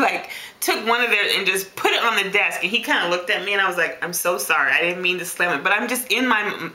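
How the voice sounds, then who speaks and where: Animated exasperated woman vlogging. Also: a little high, echoey room. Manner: animated, exasperated storytelling with big swings. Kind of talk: casual venting vlog. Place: home room.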